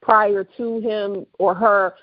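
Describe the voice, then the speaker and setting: A woman's voice: mid-range voice, slow pace, dry recording. A woman co-hosting a podcast, telling a story in casual chat and acting out the people she quotes. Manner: animated storyteller, acts out quoted voices. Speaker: podcast co-host. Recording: dull, slightly lo-fi dry studio sound.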